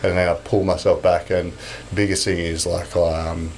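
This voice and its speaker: Low, flat-voiced man. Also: moderate pace, slight background noise. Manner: rambling, heavy on filler words. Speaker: guest, business owner. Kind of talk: casual podcast chat.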